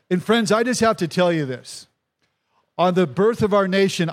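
A middle-aged male pastor delivers a sermon in a noticeably high voice. He drives his points home with repetition and keeps calling on the congregation to answer him. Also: lively intonation, moderate pace. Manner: emphatic preaching with repetition and calls to the congregation. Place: church service in a tent.

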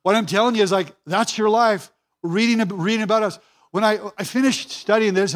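A man's voice: high-pitched, brisk. A man pastor preaching a sermon in a church, repeating key phrases for emphasis and acting out the voices he quotes.

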